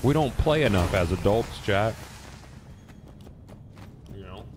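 A man's voice: on the low side, animated, slow pace, background noise. A man hosting a game stream, joking playfully and talking to his chat. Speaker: streamer host. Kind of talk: casual gaming chat.

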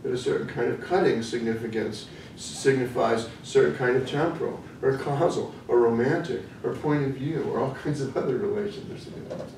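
A man giving an academic lecture, thoughtful and hesitant, often pausing with "um" as he works through his ideas. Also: mid-range voice, darkish tone. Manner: thoughtful, hesitant with frequent ums. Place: lecture room. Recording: echoey room from a distance with faint noise.

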